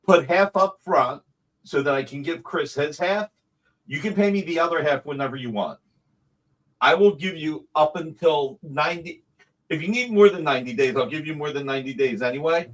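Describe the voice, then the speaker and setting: A man talking through prices and payment options on a casual live stream, circling back over the same terms as he goes. His voice sits a little high for a man. He sounds like a seller walking buyers through a deal. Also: normal speed, rough recording. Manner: businesslike, rambling explanations of payment terms. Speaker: comics publisher selling original art.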